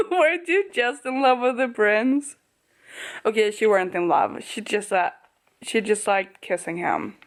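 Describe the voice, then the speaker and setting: A woman records a casual reading vlog and talks through the story at an unhurried pace. Her pitch sits in an ordinary middle range. She gushes and laughs often, then sinks to a soft murmur. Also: lively intonation. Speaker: book vlogger.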